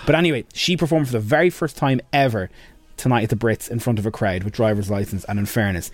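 A man co-hosting a radio show, chatting and rambling through entertainment news with quick asides. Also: fairly low pitch, dry recording. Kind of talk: casual radio chat.

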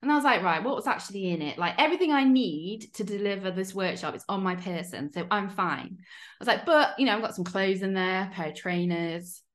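Animated woman telling a story. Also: mid-range voice, a little fast. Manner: animated storyteller acting out quoted lines. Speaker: podcast co-host. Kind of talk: casual storytelling chat.

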